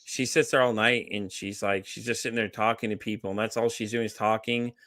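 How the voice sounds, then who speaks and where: A middle-aged man hosting a podcast, telling stories in a casual, animated way, acting out quoted voices and swearing freely. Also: on the low side, brisk, a crowd in the background. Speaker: podcast host.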